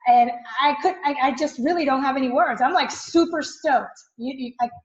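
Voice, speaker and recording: Woman, high voice, emphatic, effusive, echoey lo-fi room. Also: moderate pace. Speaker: student and client giving a testimonial. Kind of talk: enthusiastic testimonial. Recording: echoey room, dull lo-fi sound.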